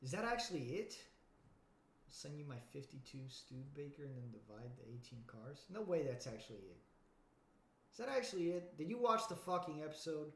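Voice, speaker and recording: A man's voice: on the high side, big pitch swings, a little fast, slight background noise. A man casually chatting on a livestream, rambling, swearing freely and answering his chat. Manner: profane, rambling, talks to chat. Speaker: streamer. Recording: echoey room.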